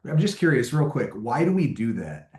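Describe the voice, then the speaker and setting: A man's voice: medium pitch, very animated, normal speed, darkish tone, roomy sound. A man taking part in an online coaching call, asking a casual question and thinking aloud. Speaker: call participant.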